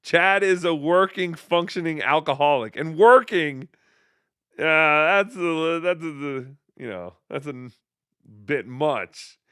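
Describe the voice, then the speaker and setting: Sarcastic host with a bright, crisp voice. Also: male voice, on the high side, slow pace, dry recording, clean studio sound. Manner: mocking, deadpan sarcasm. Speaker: podcast host. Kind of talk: sarcastic commentary over clips.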